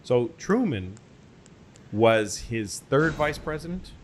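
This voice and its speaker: A man hosting a comedy podcast, telling stories in a rambling, animated, profane way. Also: medium pitch, slow. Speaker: podcast host. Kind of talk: casual comedy podcast storytelling. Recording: noisy podcast recording.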